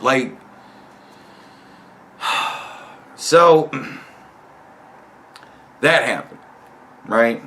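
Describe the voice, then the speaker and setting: A man's voice: on the high side, lively intonation, a little slow, sharp tone. A young man telling a long, rambling story about a coworker in a profane, exasperated way. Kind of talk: casual storytelling rant.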